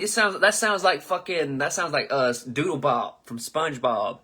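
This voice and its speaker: His voice is fairly high, sharp and husky, moving at normal speed with few pauses. He's a southern US man in his twenties hosting a live comedy chat, reading viewer comments and joking loosely amid lots of swearing. Loose and profane, he stumbles over names.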